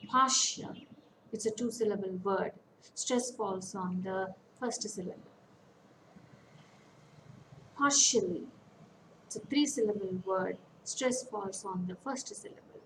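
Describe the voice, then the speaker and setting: A woman with an Indian English accent teaches an online lecture. She talks in a methodical way and repeats each example word slowly before she explains it. A faint hiss of noise sits under her voice. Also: medium pitch, darkish tone, rough recording. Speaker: academic counsellor teaching English.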